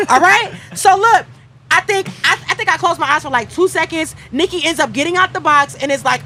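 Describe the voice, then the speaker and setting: High-voiced playful woman recapping a race. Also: a little fast, pushed and bright, a little hiss or hum. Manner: playful, dramatic, acts out quotes. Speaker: track and field commentator. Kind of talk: animated casual race recap. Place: outdoors at a stadium.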